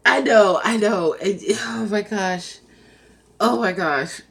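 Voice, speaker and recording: A woman chatting casually on a live stream, reading comments aloud and often breaking into loud laughter. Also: medium pitch, slow pace, vocal fry, a little hiss or hum. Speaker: rideshare driver vlogger reading live chat.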